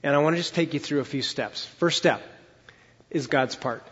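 A fairly high-voiced man preaching from the pulpit, his voice a little husky. He drags out key words for emphasis. The sound is dull and hangs in a long church echo. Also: normal speed, a bit bright. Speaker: pastor. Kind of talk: sermon.

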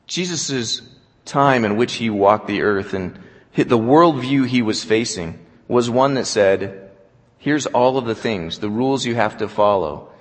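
Male pastor preaching, lively storyteller, mid pitch, long echo from a big hall. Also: a little slow. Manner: storytelling, animated, drops to quiet for quoted scripture. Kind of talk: sermon.

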